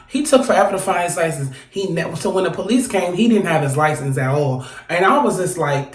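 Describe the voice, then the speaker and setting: A young woman telling a storytime straight to camera, animated and blunt, swearing freely. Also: fairly low pitch, fairly quick. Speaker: vlogger. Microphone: phone or camera held close. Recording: echoey room.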